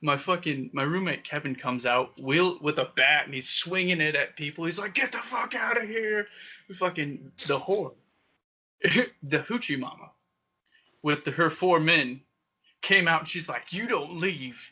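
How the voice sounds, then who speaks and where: A young man hosting a podcast, telling wild stories in a casual, profane, animated way with frequent laughter. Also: a little high, measured pace. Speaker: podcast host. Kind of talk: casual storytelling. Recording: dull lo-fi sound.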